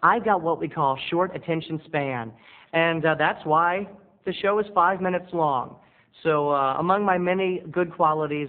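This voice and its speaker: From his bedroom studio, a male video blogger rambles to the camera in a confessional, self-deprecating monologue. His voice is pitched a little high, and the recording sounds thin and tinny, much like a phone line.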